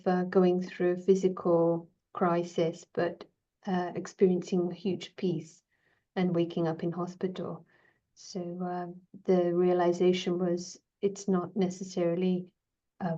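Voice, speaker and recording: Flat, mellow woman on a lo-fi call. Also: fairly low pitch. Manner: measured, with frequent fillers. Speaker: co-presenter. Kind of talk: summarizing videos in an online session.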